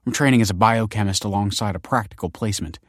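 A cocky, sharp-tongued young woman who teases and snaps back fast, as a male narrator puts her on with a lifted voice. The sound is dry and close, with no room around it. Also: lowish voice, no room sound, close to an everyday voice. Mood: teasing. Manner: sharp, snappy banter. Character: brash, teasing young adult woman.

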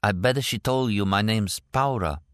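A man voicing a slow dreamy Italian woman. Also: lowish voice, a bit bright, smooth, no echo, studio quality, pitched above the performer's own voice, close to an everyday voice.

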